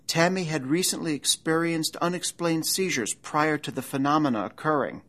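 A man reading scripted documentary narration about an eerie true case, with a measured, dramatic storytelling delivery. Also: on the high side, a bit bright.

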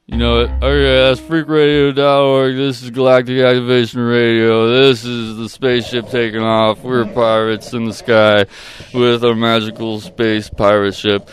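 A man's voice: mid-range voice, little pitch movement, moderate pace, few pauses. Middle-aged man, radio host, loose rambling talk, lots of ums and restarts, music faint under him. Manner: rambling, many fillers and repeated words. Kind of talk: casual radio chat.

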